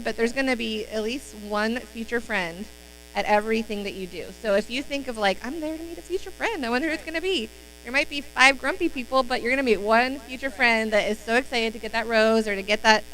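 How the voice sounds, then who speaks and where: Chatty woman trainer, upbeat and bright, rambles with fillers while coaching. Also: a little high, slight background noise, low-quality recording. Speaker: sales team trainer. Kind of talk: casual training talk on a live stream.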